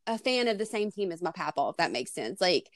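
A woman's voice: fairly low pitch, sing-song, brisk, no echo. Female co-host, chatty, meandering, dry close-miked sound. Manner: chatty, many fillers and restarts, wistful. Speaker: podcast co-host. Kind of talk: casual sports chat.

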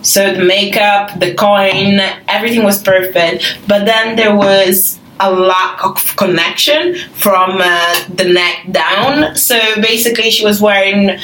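A woman co-hosting a casual chat, giving relaxed, matter-of-fact critiques. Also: mid-range voice, measured pace, hardly any pauses. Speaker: podcast co-host. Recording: roomy echo, faint hiss.

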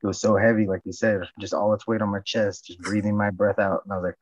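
Husky low man on a dull, dry recording. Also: level tone, fast, dry recording. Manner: repetitive, profane, loose talk. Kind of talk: casual chat.

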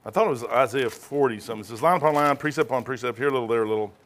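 A man's voice: medium pitch, rapid-fire, fairly bright tone. A man, a pastor, teaching a casual Bible study in a rambling, conversational way, often throwing in "man.".

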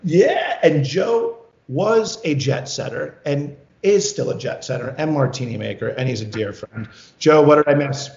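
A man's voice: on the high side, expressive, moderate pace, gravelly, hardly any pauses, darkish tone. A man hosting a casual interview over a video call, chatty and enthusiastic, often laughing. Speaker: host. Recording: roomy, dull lo-fi sound.

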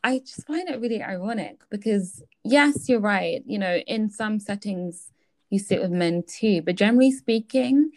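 A young woman co-hosting a casual podcast chat, animated and acting out quoted voices as she talks. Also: mid-range voice, moderate pace. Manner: animated, acts out quoted voices, laughs often.

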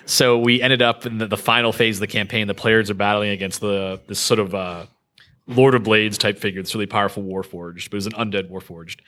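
Bright-voiced man telling game stories. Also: fairly low pitch, fairly quick. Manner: animated, laughs often, many restarts. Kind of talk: casual storytelling chat.

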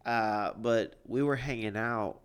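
A man's voice: fairly low pitch, takes it slowly, clean tone. A young man co-hosting a casual chat, joking and rambling through a story with lots of fillers. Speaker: podcast co-host.

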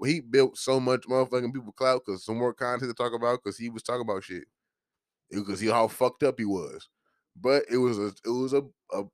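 A man's voice: medium pitch, no room sound, studio quality. A man hosting a podcast, ranting in a heated, profane and joking way. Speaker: podcast host. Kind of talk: casual podcast rant.

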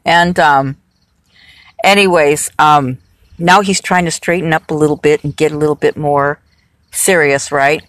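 Chatty woman with a lowish voice. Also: fairly even intonation, unhurried, a bit bright, no echo. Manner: chatty, digressive storytelling. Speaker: rideshare driver. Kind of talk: casual anecdote.

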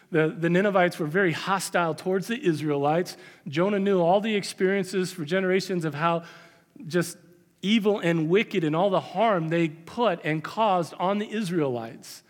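A man preaching a sermon as pastor, conversational with emphatic repetition. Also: high-pitched. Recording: long hall reverb.

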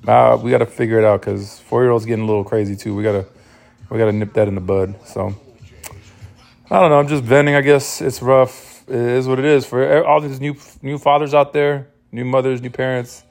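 A man's voice: mid-range voice, steady tone, fairly quick, gravelly, a little mellow, soft background music. A man hosting his own podcast in a loose, rambling, profane monologue, full of restarts and sounding sleep-deprived. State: sleep-deprived new father. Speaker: podcast host. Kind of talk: casual solo monologue.

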